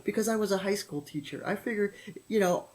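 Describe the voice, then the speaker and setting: A middle-aged woman, a guest on a parenting podcast, telling lively stories from her teaching and family life and acting out what people said. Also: mid-range voice, fairly quick, rough recording. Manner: animated storyteller who acts out quotes and laughs often. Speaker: guest, author and former teacher. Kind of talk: podcast interview storytelling.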